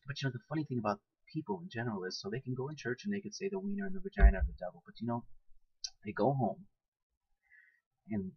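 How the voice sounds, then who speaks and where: Husky, animated young man vlogging. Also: mid-range voice, no room sound, dull audio. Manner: animated, blunt and profane, laughing often. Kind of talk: casual monologue to camera.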